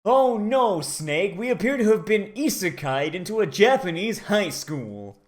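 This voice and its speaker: A streamer putting on gruff soldiers and a villain from a spy video game in an overdramatic parody. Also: mid-range voice, sing-song, measured pace. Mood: melodramatic.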